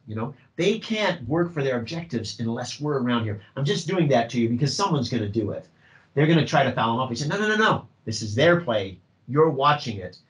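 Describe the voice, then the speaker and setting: A middle-aged man, a drama teacher leading a workshop for other teachers, talking in an animated way and acting out student voices. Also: medium pitch, rough recording.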